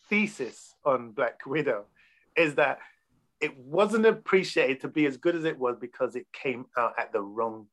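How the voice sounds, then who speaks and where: A man's voice: fairly high pitch, fairly bright tone. A man in casual podcast chat about films, talking in a loose, profane, enthusiastic way. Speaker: podcast panelist.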